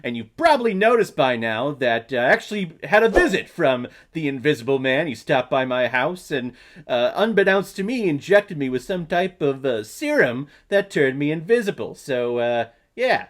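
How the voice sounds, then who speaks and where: Chatty male movie reviewer, lively and playful, casual vlog delivery. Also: fairly high pitch, normal speed. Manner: jokey, chatty, with fillers.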